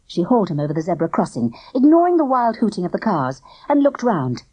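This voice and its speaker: A woman narrating a children's audiobook in an expressive storytelling manner. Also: on the low side, fairly quick, few pauses, breathy edge, dry recording, poor audio. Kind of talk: scripted children's book narration.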